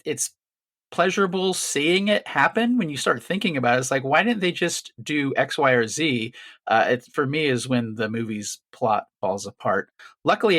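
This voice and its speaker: A man's voice: mid-range voice, fairly bright tone. A man co-hosting a casual film podcast, bluntly criticizing a plot and swearing freely. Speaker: podcast co-host.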